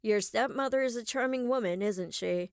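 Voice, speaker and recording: A woman's voice: a little high, moderate pace, no echo, clean studio sound, close to an everyday voice. A woman voicing an amused adult man speaking on the phone in an audiobook. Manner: wry, amused.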